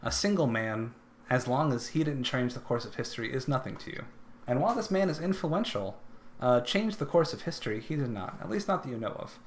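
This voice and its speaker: A man's voice: mid-range voice, expressive, brisk. A man narrating a tabletop game as dungeon master, descriptive and loose, with faint noise behind. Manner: descriptive, with filler and restarts.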